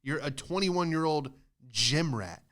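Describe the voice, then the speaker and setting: Smooth-voiced man ranting casually. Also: fairly high pitch, animated, a little slow, fairly bright tone. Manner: profane, ranting, says "dude" and "like" a lot. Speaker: stand-up comedian and podcast host. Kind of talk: casual podcast rant.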